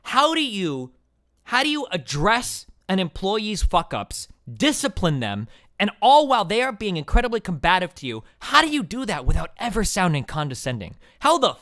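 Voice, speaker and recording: A man's voice: high voice, wildly swooping pitch, moderate pace, a bit bright, no echo, studio quality. A young man hosting a live stream, arguing heatedly and ranting with exasperated, sarcastic, profane outbursts. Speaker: streamer host.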